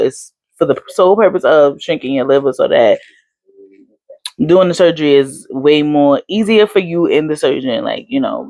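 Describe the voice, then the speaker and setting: A woman's voice: low-pitched, a little mellow, dry recording. A young adult woman vlogging casually, chatty with lots of fillers. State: hiccups. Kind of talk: casual chat.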